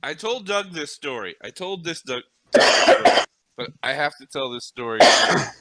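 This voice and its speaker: A man's voice: a little high, expressive, measured pace, heavy background noise. A man casually telling a long story on a podcast, laid-back and swearing freely.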